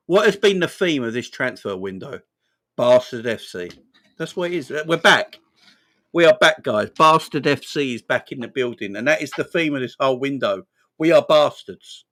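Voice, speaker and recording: Animated young English man chatting. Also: medium pitch. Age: young adult. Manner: animated, laughing, slangy, repeats "man". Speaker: fan channel host. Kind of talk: casual live-stream chat.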